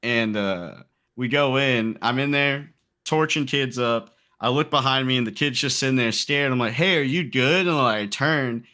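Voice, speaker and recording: Late-20s man, bright voice, lively anecdote-teller for a chat podcast. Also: mid-range voice, moderate pace. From Texas. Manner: animated, acts out quotes in character. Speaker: podcast guest. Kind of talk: casual storytelling.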